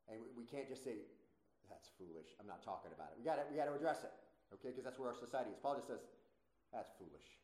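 A man's voice: mid-range voice, echoey room, low-quality recording. A male pastor preaching a sermon in a conversational way, with many rhetorical questions.

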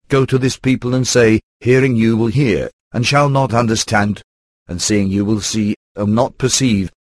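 A computer-generated male voice reading a devotional book aloud, steadily and evenly, pausing to read out verse numbers. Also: fairly low pitch, no room sound. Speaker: audiobook narrator.

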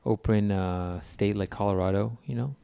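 A man's voice: on the low side, normal speed, creaky, warm tone, smooth. A man co-hosting a podcast in casual chat, teasing his friend with questions and laughing often. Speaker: podcast co-host.

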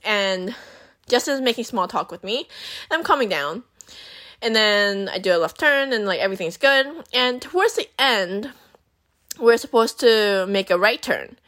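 Here a young woman vlogs a story to camera at a moderate pace in a mid-range voice. She curses openly, stays animated, and chats along with plenty of fillers.

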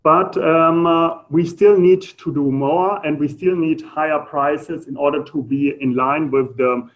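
A man with a German accent giving a live lecture, full of hesitant ums and uhs as he explains slides. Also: mid-range voice. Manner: hesitant, many fillers. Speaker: lecturer on carbon pricing. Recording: muffled lo-fi lecture audio.

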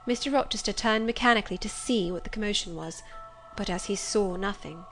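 A woman narrating a story in a measured, expressive reading style. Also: mid-range voice, soft background music. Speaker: audiobook reader. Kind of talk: scripted narration.

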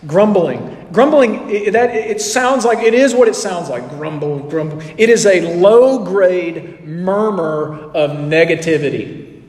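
A man's voice: high voice, measured pace, a little mellow, roomy sound, in a large hall. A man preaching a sermon in a conversational way, asking the audience questions and acting out quotes. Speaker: pastor.

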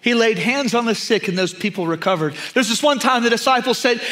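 High-voiced preacher, emphatic. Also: male voice, a little fast, few pauses. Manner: emphatic, repeats key phrases, drops to hushed intensity. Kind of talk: sermon.

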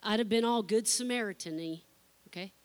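A middle-aged woman pastor telling a lively story in a sermon and acting out the quotes. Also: medium pitch, fairly quick.

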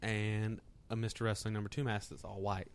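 A man's voice: fairly low pitch, little pitch movement, a little fast, smooth. A man, a wrestler and podcast guest, telling stories with laughter and profanity. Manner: profane, laughing, acts out quotes. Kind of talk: animated storytelling. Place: podcast studio.

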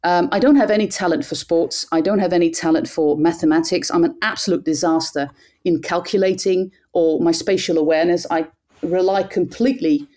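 A woman with a Dutch accent, a cycling commentator, talking in an animated, self-deprecating way with frequent restarts. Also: fairly low pitch, fairly quick. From Netherlands. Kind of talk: conversational interview.

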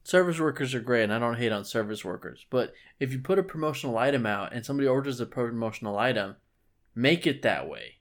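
Young man, mid-pitched voice, casual podcast rant, swears a lot, exasperated. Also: animated, quick pace. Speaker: podcast co-host. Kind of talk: casual chat.

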